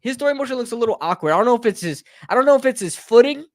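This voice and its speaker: Heated fan ranting, dry close sound. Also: male voice, extremely high pitch, animated, racing, no echo. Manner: heated, repetitive, calls listeners bro and brother. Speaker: sports talk streamer. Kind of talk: live fan rant.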